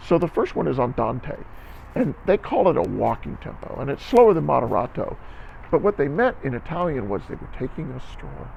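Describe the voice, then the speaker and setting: A man's voice: a little high, vocal fry, a little mellow, a little hiss or hum, poor audio. A man teaching a music lesson to band students, explaining patiently step by step and sounding out syllables to demonstrate.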